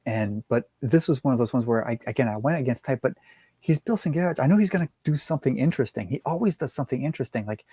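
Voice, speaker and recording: A man's voice: mid-range voice, lively intonation, fast, warm tone, breathy edge, no echo. A man in casual chat as a guest, rambling with frequent laughs and restarts, over a video call. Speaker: guest comic art collector.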